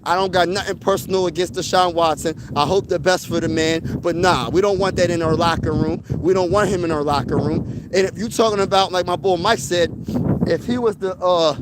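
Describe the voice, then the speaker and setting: A man hosting a casual sports talk stream outdoors, answering his chat in an excitable, slangy way and repeating himself for emphasis. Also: high voice, moderate pace, heavy background noise. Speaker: sports channel host. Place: outdoors, windy.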